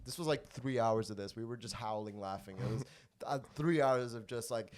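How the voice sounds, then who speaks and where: A man hosting a comedy podcast, telling rambling, profane stories with sudden loud bursts. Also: fairly low pitch, a little fast. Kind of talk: casual comedy podcast chat.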